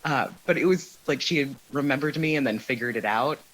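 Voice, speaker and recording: A man's voice: medium pitch, fairly quick, poor audio. A man talking as a guest in a casual interview, telling stories at an easy pace with lots of "um" and "you know". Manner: relaxed storytelling with frequent fillers.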